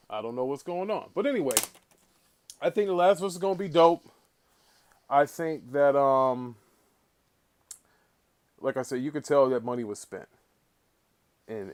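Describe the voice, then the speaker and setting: A man hosting a casual livestream, talking in an animated way, swearing and calling out viewers in the chat. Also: medium pitch, vocal fry. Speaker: livestream host.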